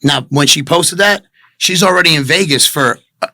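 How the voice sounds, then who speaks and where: Brief: male interviewee, defensive and rambling, fairly high voice, dry close mic. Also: normal speed, bright, forceful tone, dry recording. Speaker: interviewee telling his side of a breakup. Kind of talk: emotional confessional interview.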